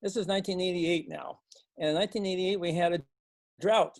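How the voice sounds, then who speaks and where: An older man, a farmer from Montana, telling a halting, folksy story to a club meeting, with many restarts. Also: high-pitched, fairly even intonation, dry recording. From Montana, USA. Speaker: guest speaker, organic farmer. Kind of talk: storytelling talk.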